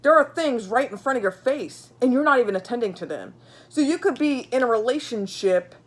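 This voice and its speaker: A woman giving a casual tarot reading, blunt and profane, talking to viewers with lots of fillers and repeats. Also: a little high. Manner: blunt, swears freely, many fillers; chatty, repeats herself while pulling cards. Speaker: tarot reader.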